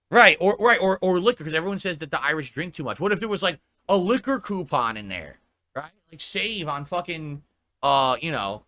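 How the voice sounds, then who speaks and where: A male livestreamer talking to his chat in a fed-up, profane rant. His voice sits slightly high and comes out bright and pushy. He reads out viewer comments and picks them apart one after another. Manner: profane, exasperated ranting. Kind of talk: live stream rant.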